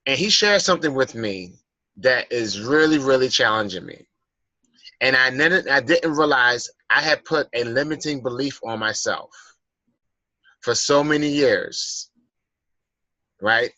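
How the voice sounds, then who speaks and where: A man's voice: mid-range voice, animated, measured pace, pauses often, sharp tone, no room sound, dull audio. A man speaking as a guest in a personal development class, earnestly coaching listeners and rephrasing his points. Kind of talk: motivational talk.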